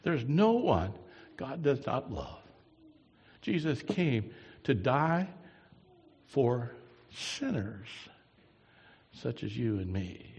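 A man preaching a sermon as a pastor, telling stories that swing from soft asides to loud, emphatic bursts, recorded in a church. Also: medium pitch, sing-song, very slow, long pauses, slightly rough, dull audio. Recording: long reverb in a hall.

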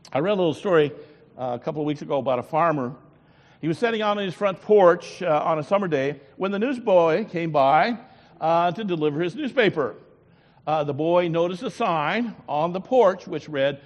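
A folksy, earnest male pastor, somewhat high-voiced, preaching and praying with plenty of fillers. His voice rings through a long-echoing church hall. The recording sounds dull and lo-fi. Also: moderate pace. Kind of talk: sermon with prayer and storytelling.

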